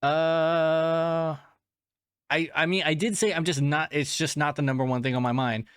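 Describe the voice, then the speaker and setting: A man hosts a podcast, telling a story in a casual, rambling, profane way, full of restarts and filler, swearing often and laughing at himself. His voice is fairly high and steady, a little slow, fairly bright and smooth. The recording is dry with clean studio sound.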